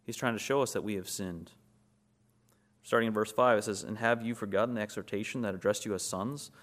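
Male pastor, low-pitched, sermon delivery with rhetorical questions and emphatic builds. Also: a little fast, fairly bright tone.

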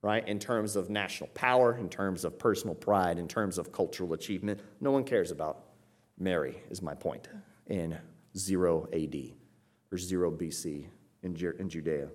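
A man preaching an expository sermon, building to emphatic peaks and then dropping low and quiet. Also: normal speed. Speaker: pastor.

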